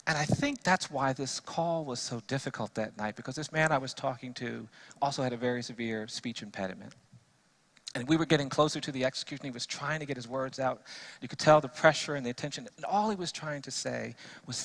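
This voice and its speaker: A man, a defense lawyer by trade, speaks earnestly to a church audience through storytelling, dropping soft where it's sad and building emphatic repetition as he preaches. His medium-pitched voice is creaky and fairly quick.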